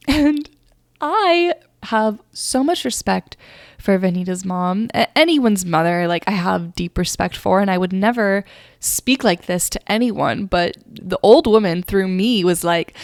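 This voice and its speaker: Gravelly-voiced woman telling a story. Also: mid-range voice, measured pace, no room sound, studio quality. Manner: rambling, filler-heavy, earnest. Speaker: podcast host. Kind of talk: casual storytelling monologue.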